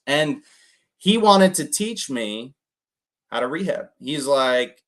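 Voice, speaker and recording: A man's voice: medium pitch, moderate pace, a bit bright. A young man giving casual coaching talk as host, rambling with many fillers and acted-out quotes. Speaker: host coaching cold callers.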